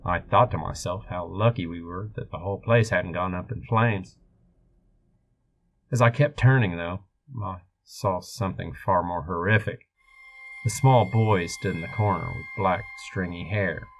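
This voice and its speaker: A man narrating a first-person horror story in a steady, measured way. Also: deep voice, a little hiss or hum, rough recording. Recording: music bed behind voice.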